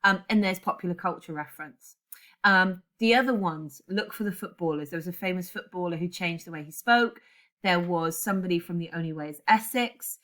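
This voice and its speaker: A woman's voice: fairly low pitch, brisk, fairly bright tone. A woman in her forties teaching a class, chatty and digressive, often correcting herself as she goes. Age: 40s. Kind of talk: classroom lesson.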